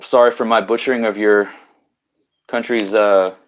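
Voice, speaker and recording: A man's voice: fairly low pitch, fairly even intonation, moderate pace. A man hosting a casual live stream from home on his laptop, greeting viewers, reading out their comments and rambling with many fillers and restarts.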